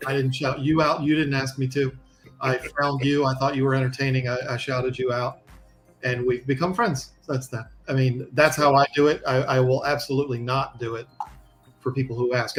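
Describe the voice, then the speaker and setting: Blunt laughing man, casual chat. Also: mid-range voice. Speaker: aquarium YouTuber. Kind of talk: casual live-stream chat.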